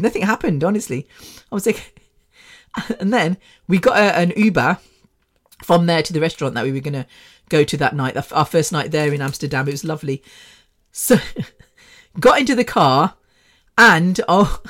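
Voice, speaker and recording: A podcast host in her fifties shares a casual, rambling story in a lowish voice at normal speed, leaving long pauses. She's chatty, laughs often, and lets the odd swear word slip.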